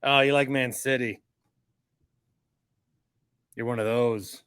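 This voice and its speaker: A man's voice: medium pitch, steady tone, slow, fairly bright tone, smooth. A man hosting a podcast, reacting in casual chat, exasperated and stammering as he repeats himself. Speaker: podcast host.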